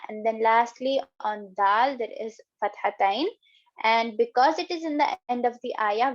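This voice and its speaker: Woman, teacher, slightly high voice. Patient, repetitive lesson delivery; dull lo-fi recording. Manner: patient, repeats each example slowly several times. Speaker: Quran recitation teacher. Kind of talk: step-by-step recitation lesson.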